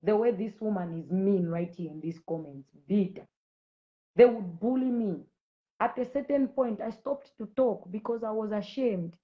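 A woman in her late thirties speaks with fervent, preachy conviction in a live-stream testimony. She scolds commenters directly while holding a medium pitch. The sound is slightly muffled and lo-fi. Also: normal speed. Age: late 30s. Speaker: Christian ministry host.

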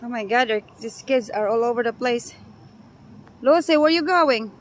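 A woman's voice: on the high side, normal speed, low-quality recording. A woman chatting casually to her viewers on a phone while out on a bike ride and at a park. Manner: chatty, mixes English with Tagalog. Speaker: vlogger. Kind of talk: casual vlog narration while biking.

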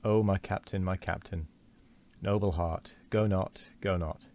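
A man reading as a sorrowful loyal first mate, low-voiced. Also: steady tone, unhurried, darkish tone, slight background noise. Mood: pleading. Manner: pleading, archaic speech.

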